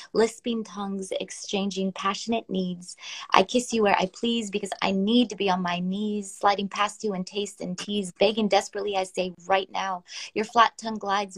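Swearing young woman co-host reading poems. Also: medium pitch. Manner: laughs often, swears casually, reads poems aloud. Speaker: podcast co-host. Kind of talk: casual chat and poetry reading.

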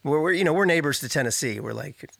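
A man from Missouri, co-hosting a podcast in casual chat, chiming in with quick interjections. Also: fairly high pitch, lively intonation, vocal fry, a bit bright, no room sound. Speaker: podcast co-host.

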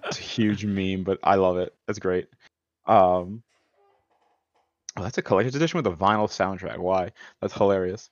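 A man hosting a gaming podcast in casual chat, relaxed and joking. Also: deep voice, normal speed, dry recording, dull audio. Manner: relaxed, joking, laughs often. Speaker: podcast host.

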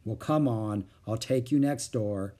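A man voicing a patient, wry mother who speaks calmly and a little wearily. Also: on the low side, measured pace. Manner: calm, gently weary.

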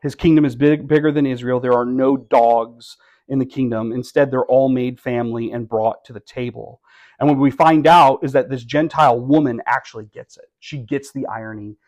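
A middle-aged man preaching a sermon as pastor, conversational and wry, with bursts of animated emphasis. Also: mid-range voice, normal speed, muffled recording.

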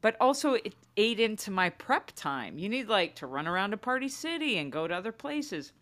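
A woman in her thirties co-hosts a podcast, her mid-range voice moving at a moderate pace. She tells a story in casual chat, animated throughout, and acts out her children's lines in their voices.

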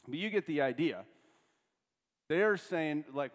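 A man's voice: on the high side, expressive, normal speed. Man preaching in an echoing hall. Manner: conversational, explanatory preaching with rhetorical questions. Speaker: pastor. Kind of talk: sermon.

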